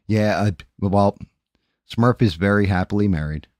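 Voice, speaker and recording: A man's voice: lowish voice, unhurried, a little mellow, no echo. A man hosting a casual livestream, talking in a profane, rambling, off-hand way. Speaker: streamer and host. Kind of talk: casual livestream chat while painting.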